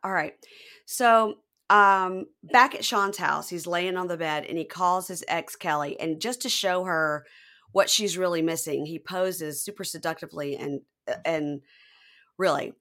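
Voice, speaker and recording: A woman's voice: lowish voice, unhurried. A woman co-hosting a podcast, chatting casually and acting out the people she quotes. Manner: animated, acts out quoted people. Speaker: podcast co-host. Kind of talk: casual chat recapping a reality show.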